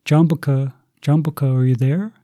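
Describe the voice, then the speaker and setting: A man voicing a calm, gentle male spiritual teacher who speaks mildly and accommodatingly, quoted in a sermon. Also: medium pitch, normal speed, no echo, clean studio sound, close to an everyday voice. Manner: mild and accommodating. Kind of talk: storytelling quotes in a Buddhist sermon.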